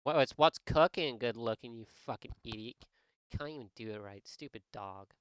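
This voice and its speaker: A man's voice: medium pitch, moderate pace, smooth. A young man chatting on his live art stream, rambling and joking with lots of swearing and false starts. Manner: rambling, profane, joking, many restarts. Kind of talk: casual live-stream chat.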